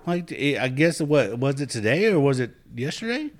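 Man, mid-pitched voice, podcast regular, animated joking chat. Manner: animated, quick to laugh and joke. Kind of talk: casual chat.

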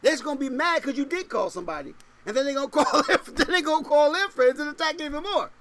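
A man's voice: extremely high pitch, fast talker, slight background noise. A male pastor preaching a sermon, reading scripture in old-style English and then firing off rhetorical questions in casual slang. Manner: animated, fires rhetorical questions; laughs between points.

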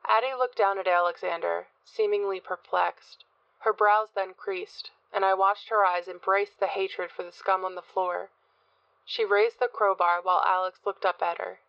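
A woman's voice: medium pitch, creaky, no room sound. Woman narrating horror, dry and dull. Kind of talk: scripted horror audiobook narration.

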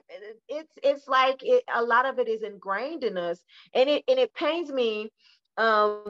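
A woman's voice: fairly high pitch, fairly bright tone, lo-fi sound. A woman in her forties, a therapist co-hosting a podcast, talking emphatically in casual chat and repeating points for stress.

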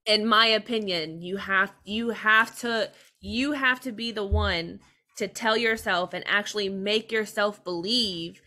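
A woman's voice: medium pitch, measured pace, pushed and bright. A young woman speaking as a podcast guest, talking openly and earnestly about hard personal experiences, sometimes laughing while she does. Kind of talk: candid personal conversation.

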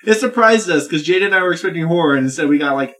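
This is a man co-hosting a casual podcast, excitable and loose-mouthed. His voice sits a bit high and bright, and it swings all over the place as he acts out scenes. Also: fast talker, soft background music. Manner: excitable, swearing, acts out movie lines in voices. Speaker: podcast co-host. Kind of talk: casual chat, retelling a movie.

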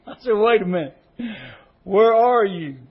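Man preaching, high-pitched, husky, emotional testimony, dull lo-fi recording. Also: animated, measured pace. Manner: emotional, earnest, repetitive pleading. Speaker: associate pastor. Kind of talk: testimony sermon.

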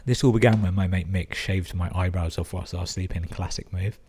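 Deep, dark-voiced sweary English man. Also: steady tone, a little fast, a little hiss or hum. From England. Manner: sweary, sarcastic running commentary. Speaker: podcast host. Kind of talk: casual podcast reading listener emails.

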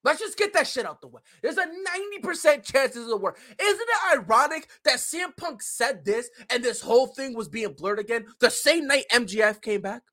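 A man's voice: very high-pitched, expressive, fairly quick, hardly any pauses, pushed and bright. A young adult man hosting a podcast, ranting in a profane, fired-up, slangy way. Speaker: podcast host. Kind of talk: opinionated casual podcast rant.

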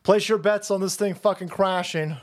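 A man's voice: high-pitched, steady tone, moderate pace. A man hosting a live stream, ranting in a sarcastic, foul-mouthed way. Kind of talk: profane political rant stream.

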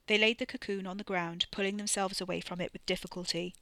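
A woman narrating a novel in an even, measured way. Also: medium pitch, dry recording. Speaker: audiobook narrator. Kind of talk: scripted narration.

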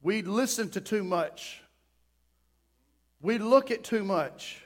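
A man's voice: high-pitched, animated, slow. A man preaching a sermon as pastor, impassioned and pleading at times, acting out quoted voices as he goes. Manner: impassioned preaching, rising to loud pleading prayer.

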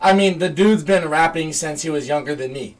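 High-voiced young man, slightly off-mic. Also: a little fast, far from the mic. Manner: excitable, swears constantly. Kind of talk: casual podcast chat.

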